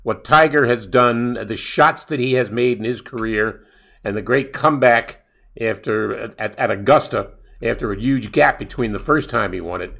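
A man's voice: mid-range voice, normal speed, vocal fry. Male sports radio host, middle voice. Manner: animated, mimics fans yelling. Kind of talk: casual sports radio chat.

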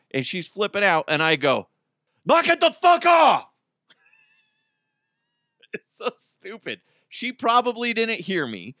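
A man in his thirties hosts a podcast and tells his stories as casual chat, swearing freely, his voice leaping up when he gets worked up. His tone is bright and forceful and sits a little high for a man. He speaks close to the microphone in a dry, dead room. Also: no room sound. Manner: animated and profane, voice jumping up in outbursts. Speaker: podcast host. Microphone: close studio microphone.

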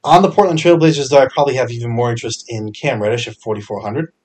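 A man hosting a fantasy sports podcast, talking through his picks in a casual, energetic way, full of fillers and self-corrections. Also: medium pitch, fast talker.

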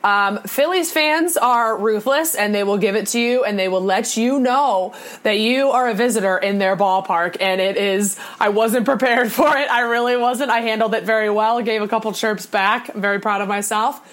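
A woman's voice: mid-range voice, moderate pace, hardly any pauses. A young woman co-hosting a podcast, telling a bubbly, laugh-filled story in casual chat and acting out the people she quotes. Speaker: podcast co-host.

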